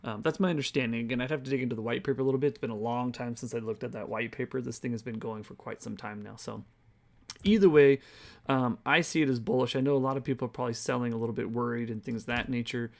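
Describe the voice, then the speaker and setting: Tired guy rambling thru his screen, reading numbers out loud, mid-pitch voice. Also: fast talker, vocal fry. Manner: rambling, thinks aloud, reads numbers off screen. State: tired, yawning. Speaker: crypto video host. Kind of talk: casual screen-share walkthrough.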